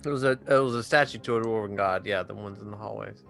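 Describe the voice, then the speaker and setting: A man's voice: on the low side, fast talker, gravelly, a bit bright, faint music behind. Joking, cursing man on a game call. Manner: profane, joking. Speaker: player. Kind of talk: casual chat during a tabletop game. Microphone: online voice call.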